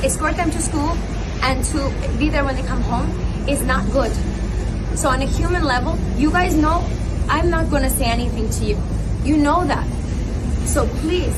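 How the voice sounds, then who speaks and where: A mother speaks to reporters in a high voice, pleading and halting as she goes. Loud street traffic runs under the clip.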